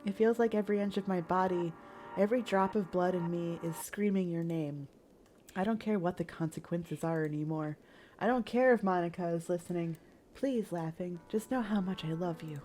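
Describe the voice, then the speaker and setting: A woman voicing an obsessive, lovestruck young woman in a visual novel, speaking low and unsettlingly calm. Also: moderate pace, faint music behind, lightly acted. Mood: feverish, devoted. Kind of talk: reading game dialogue aloud.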